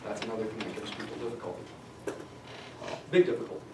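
A man's voice: fairly low pitch, steady tone, fast, recorded from a distance, noisy background. Chatty male lecturer in an echoey classroom. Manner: chatty, digressive, dry humor. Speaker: statistics lecturer.

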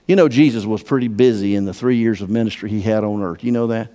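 A man preaching a sermon as pastor, emphatic and swinging from hushed to loud. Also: medium pitch, steady tone, a little fast. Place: church sanctuary. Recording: long church-hall reverb.

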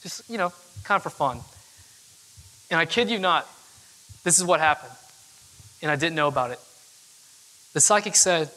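A man's voice: fairly high pitch, lively intonation, moderate pace, pauses often, pushed and bright. A young man giving a casual, chatty storytelling talk to an audience, full of fillers. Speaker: keynote speaker. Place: event hall with audience. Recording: long hall reverb.

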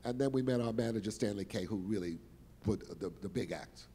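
An older man telling showbiz stories on stage, animated and exclamatory, repeating words for emphasis. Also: fairly low pitch, fairly quick, slightly rough, in a large hall. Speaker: guest performer telling stories. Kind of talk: animated storytelling interview. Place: stage in a large hall.

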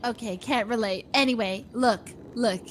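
A woman in casual in-character game chat, playful and sassy with quick comebacks. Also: fairly high pitch. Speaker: role-play player as April.

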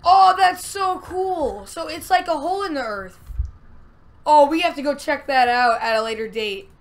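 A woman giving casual gameplay commentary, excitable and talking to herself, with loud frustrated outbursts. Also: high voice, normal speed. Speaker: let's play gamer.

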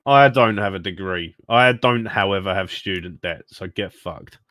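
A man's voice: low-pitched, moderate pace, a bit bright, no room sound, clean studio sound. A man from Essex with an Essex accent, trading crude, sweary, mock-insulting banter while gaming with friends. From Essex, England. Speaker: co-player on a stream.

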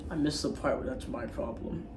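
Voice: medium pitch, fairly even intonation, fairly quick, darkish tone, distant mic, slight background noise. A casual online reviewer recapping a movie in a rambling, crude and profane way, with frequent restarts. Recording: roomy echo, faint background ambience.

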